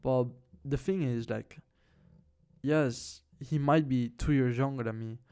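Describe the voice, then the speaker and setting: A man's voice: medium pitch, takes it slowly, darkish tone, clear, resonant tone. A young man casually telling a personal story to the camera, loose and slangy, with many fillers. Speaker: vlogger.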